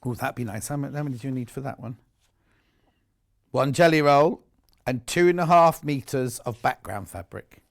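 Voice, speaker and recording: A man's voice: medium pitch, normal speed, gravelly. A middle-aged man presenting products live on a home shopping channel, chatty, enthusiastic and jokey about himself.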